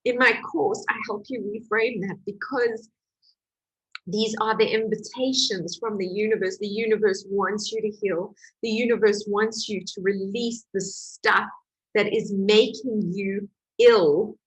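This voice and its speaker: A woman's voice: mid-range voice, steady tone, measured pace, husky, rough recording. A woman, a healing course coach giving a candid motivational talk, telling her story with emotion and confessional openness.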